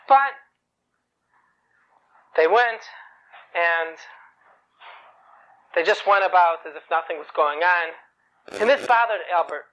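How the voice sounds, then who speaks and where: A man's voice: high voice, expressive, slow pace, pauses often, bright, forceful tone. A man telling an inspirational story in a chatty way, often asking rhetorical questions. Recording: dull lo-fi recording.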